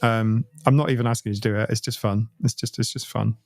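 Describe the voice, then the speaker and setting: A man's voice: on the low side, fairly even intonation, fast talker, gravelly, no echo. A British man chatting casually on a livestream from home, rambling and laughing often. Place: at home, watching his stream on a TV.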